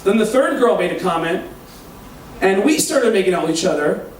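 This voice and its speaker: High-voiced man telling a stand-up story. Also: moderate pace, distant mic, a little hiss or hum. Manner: animated, swearing, acts out quoted voices. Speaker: stand-up comedian. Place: comedy stage before a live audience. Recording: echoey live room, mic heard from afar. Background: audience laughter.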